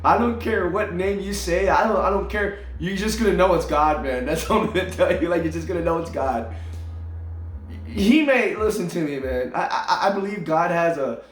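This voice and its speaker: A man's voice: high voice, moderate pace. A man in a casual spoken testimony, talking earnestly. He ends almost every phrase with "man", repeats his words and laughs often. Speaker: storyteller sharing his faith. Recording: echoey room with faint music.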